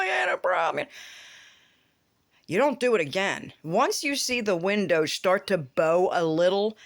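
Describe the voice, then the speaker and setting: A woman vlogger in a casual commentary rant, rambling, swearing freely and sounding incredulous. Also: mid-range voice.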